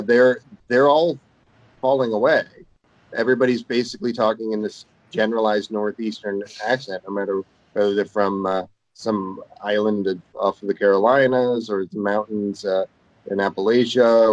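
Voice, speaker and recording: A man's voice: lowish voice, dry recording, lo-fi sound. A man co-hosting a casual talk show, musing thoughtfully with lots of fillers. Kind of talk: casual chat.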